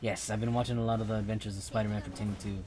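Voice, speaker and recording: A man's voice: on the low side, little pitch movement, rapid-fire, a little mellow, slight background noise. A man streaming a mobile game, rambling through casual commentary and often repeating himself.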